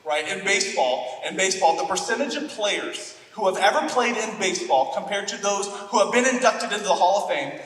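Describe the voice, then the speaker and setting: A man's voice: sits high, a bit bright, echoey room, in a large hall, recorded from a distance, rough recording. A man from Florida preaching a sermon as pastor, joking and self-deprecating as he tells stories. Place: church auditorium.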